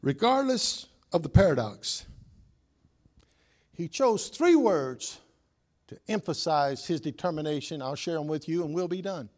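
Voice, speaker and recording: A man preaching a sermon as pastor. He drags words out with long pauses and repeats lines for the congregation to say back, moving between loud exclamations and soft, low asides. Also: animated.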